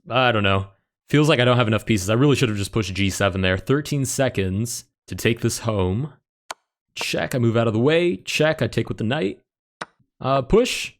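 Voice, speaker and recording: A man commentating his own online chess game as he plays, thinking aloud with quick reactive exclamations. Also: mid-range voice, lively intonation. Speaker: chess streamer.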